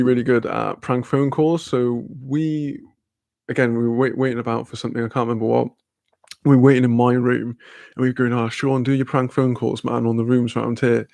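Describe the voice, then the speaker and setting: A man's voice: medium pitch, vocal fry, darkish tone, dry recording, studio quality. A young man, casually telling a rambling story with lots of fillers, laughter and swearing. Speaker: streamer.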